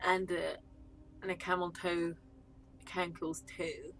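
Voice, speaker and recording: A woman co-hosting a live drawing stream, chatting casually and teasing with playful deadpan jokes. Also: fairly low pitch, takes it slowly, a little hiss or hum. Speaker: stream co-host.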